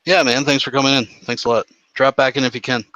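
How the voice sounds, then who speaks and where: A man's voice: medium pitch, fairly even intonation, fast talker, bright, forceful tone, a little hiss or hum. A man from Canada hosting a livestream in casual, rambling commentary, swearing freely and restarting his sentences. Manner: rambling, profane, lots of restarts. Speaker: livestream host. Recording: dull lo-fi stream audio.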